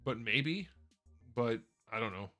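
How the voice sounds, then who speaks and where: A man reads out viewer questions and answers them off the cuff on a live stream, often stopping mid-word to rephrase. His voice is bright and forward. Quiet music plays faintly behind him as he talks into a desk mic. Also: medium pitch, animated, slow. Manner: chatty, rambling, self-correcting. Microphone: desk microphone. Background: faint background music.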